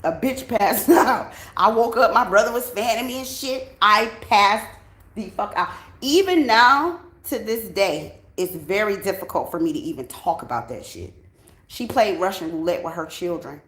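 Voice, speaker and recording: A woman's voice: mid-range voice, moderate pace. Blunt, cussing woman in an echoey room. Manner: blunt, heavy cursing, animated storytelling. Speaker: tarot channel host. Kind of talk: casual storytelling to viewers.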